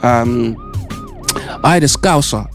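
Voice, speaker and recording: A man's voice: mid-range voice, slow pace. Radio guy rambling on air, keeps going "all right, mate", faint music under him. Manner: chatty, repeats himself, says "all right" and "mate" often. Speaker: radio host. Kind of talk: casual radio chat. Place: radio studio.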